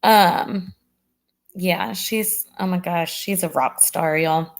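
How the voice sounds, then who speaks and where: A woman's voice: on the low side, slow pace. Chatty woman hosting a livestream. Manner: chatty, warm toward chat, says "y'all" often. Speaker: true crime livestream host. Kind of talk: casual livestream chat with viewers.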